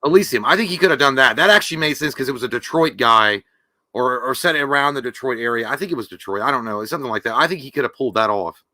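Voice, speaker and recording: A man co-hosting a live movie news show. He talks in a bright, forceful tone, rambling and crude, with lots of fillers and swearing. The sound is dry and close, with no room around it. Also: mid-range voice, animated, fast, no room sound. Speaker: podcast co-host. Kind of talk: casual livestream chat.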